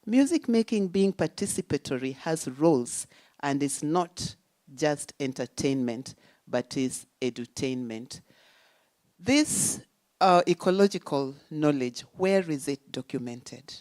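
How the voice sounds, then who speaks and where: A woman's voice: low voice, animated, unhurried, a little mellow, dry recording. A woman speaking at a symposium, lecturing with rhetorical questions and emphatic stresses. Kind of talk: academic talk. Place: conference hall.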